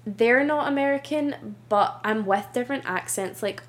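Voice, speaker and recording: A woman's voice: a little high, moderate pace. Chatty young Scottish woman. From Scotland. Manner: chatty, giggly, says "like" a lot. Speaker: guest. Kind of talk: casual chat.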